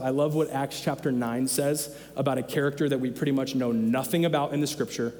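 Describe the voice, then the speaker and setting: A man's voice: medium pitch, fairly even intonation, a little fast, few pauses, darkish tone. Emphatic male pastor in an echoing hall. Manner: conversational, emphatic, repeats key phrases. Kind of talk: sermon. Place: church sanctuary.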